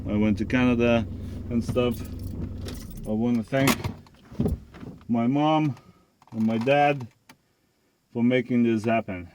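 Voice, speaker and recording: Guy doing a diy car vlog outside, slow rambly joking talk, camera on a tripod, noisy background. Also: medium pitch, fairly even intonation. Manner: rambling, jokey, self-correcting. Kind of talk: casual how-to vlog.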